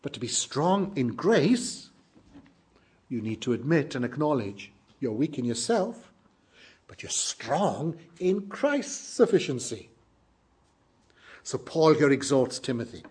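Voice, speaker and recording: A middle-aged man preaching a sermon, earnest and emphatic, moving between loud exclamations and hushed lines. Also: on the high side, husky.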